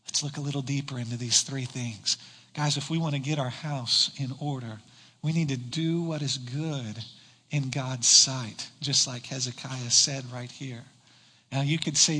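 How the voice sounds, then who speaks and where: A man, a pastor, preaching a sermon with rhetorical questions and slowed-down emphasis on key words. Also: high voice, bright, forceful tone. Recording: reverberant hall.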